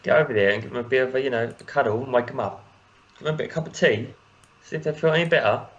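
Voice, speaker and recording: A man's voice: mid-range voice, racing, highs cut off, lightly acted. A man voicing a cheeky, jolly male halfling adventurer with a chirpy, chatty, folksy way of talking. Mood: cheery. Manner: chirpy, chatty, rough-edged folksy talk.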